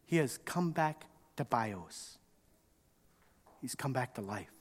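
A man voicing a patient, loving father who speaks to his son gently and reassuringly. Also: medium pitch, a little fast, natural voice. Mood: gentle. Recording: reverberant hall.

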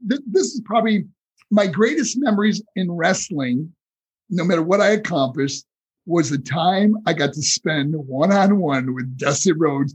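A man from New York, a former pro wrestler, telling animated stories as a guest in a casual interview, with many fillers. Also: fairly high pitch, husky, poor audio.

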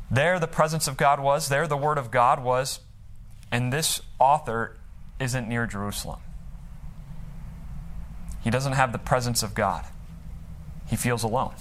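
A man preaching a sermon in an earnest, conversational way, with pauses and restarts. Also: mid-range voice, a bit bright. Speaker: pastor.

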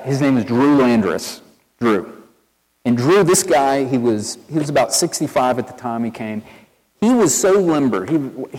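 A pastor from East Tennessee with a Southern accent preaches to his congregation in an animated, conversational sermon, moving easily into personal stories. His mid-pitched voice is caught in a large sanctuary, and a long reverb trails after each phrase. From East Tennessee, USA. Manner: conversational storytelling, animated and earnest.

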